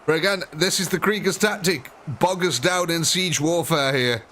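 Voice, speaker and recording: A man's voice: on the high side, moderate pace, a bit bright, slight background noise. Chatty male gaming streamer. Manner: chatty, thinks aloud, talks to units on screen. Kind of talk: live gameplay commentary.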